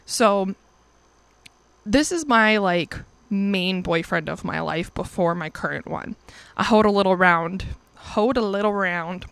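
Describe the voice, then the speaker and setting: A woman's voice: mid-range voice, unhurried, vocal fry, a bit bright, no room sound. A young woman in her twenties casually telling a personal story as host, chatty and profane, acting out quoted lines in livelier voices. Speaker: podcast or vlog host.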